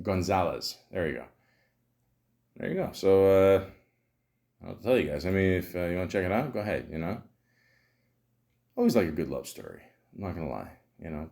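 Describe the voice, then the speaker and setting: Rambling Canadian podcast host. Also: male voice, deep voice, vocal fry, darkish tone. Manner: rambling, self-deprecating, swears often. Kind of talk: casual solo commentary.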